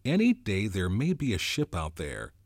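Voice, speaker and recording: A man voicing an earnest schoolboy chief in a novel reading, speaking in a steady, persuasive way. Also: on the low side, normal speed, dry recording, studio quality, heavily acted.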